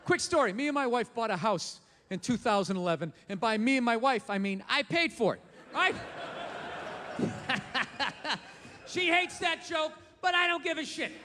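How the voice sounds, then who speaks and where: A man's voice: very high voice, lively intonation, moderate pace, long pauses, bright, forceful tone, long reverb tail. A man performing a stand-up comedy set on a live stage mic, blunt, profane and ranting with sarcasm.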